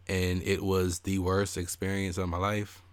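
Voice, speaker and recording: A man's voice: deep voice, a little slow, clean tone, no room sound. A young man co-hosting a casual chat, telling stories animatedly and acting out what people said. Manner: animated storyteller, acts out quotes. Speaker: podcast co-host.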